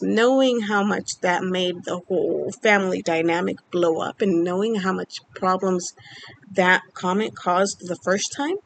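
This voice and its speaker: A woman vlogger casually telling a personal story, rambling and halting with many fillers, sounding upset and emotional. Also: mid-range voice, slight background noise, poor audio. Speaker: vlogger keeping a mood journal.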